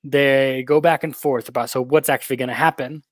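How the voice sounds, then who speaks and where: Just a guy on a podcast breaking down a movie scene, animated, normal pitch, dry room. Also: brisk, no echo. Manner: lively, retells scenes with acted-out quotes. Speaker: podcast co-host. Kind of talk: casual film recap chat.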